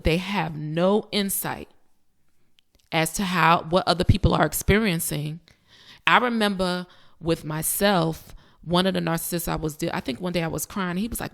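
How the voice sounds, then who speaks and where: A woman with a somewhat low voice hosts a reaction commentary. She talks emphatically and addresses her viewers directly, with plenty of asides. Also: vocal fry. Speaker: commentary host.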